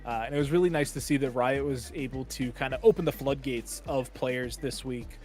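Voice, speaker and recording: A man with a mid-range voice gives relaxed, analytical color commentary on a fighting game tournament, filling his sentences with the odd "you know". Faint music plays beneath him. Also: medium pitch, a little fast. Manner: relaxed, analytical, many fillers.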